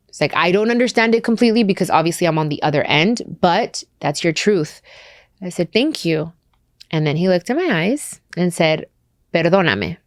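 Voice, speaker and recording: A woman's voice: fairly low pitch, no echo, clean studio sound. A woman podcast host in her thirties telling a personal story candidly and emotionally, acting out the dialogue as she goes.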